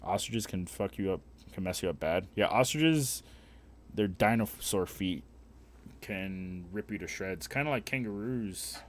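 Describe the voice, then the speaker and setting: A low-voiced man with lively intonation and an unhurried pace chats on his livestream, trading crude jokes and lots of profanity as he rambles with fillers and restarts. There's a bit of background noise.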